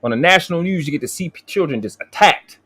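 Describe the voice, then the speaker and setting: A man's voice: a little high, expressive, quick pace, sharp tone, husky. A man hosting a live stream, ranting angrily with profanity and frequent restarts. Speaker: livestream host. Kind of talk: heated livestream talk.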